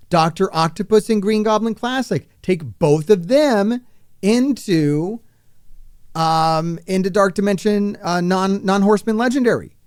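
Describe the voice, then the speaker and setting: A man hosting a live game stream, talking to his chat in an excitable, profane, rambling way. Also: sits high, clear, resonant tone, no room sound, clean studio sound. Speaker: gaming streamer.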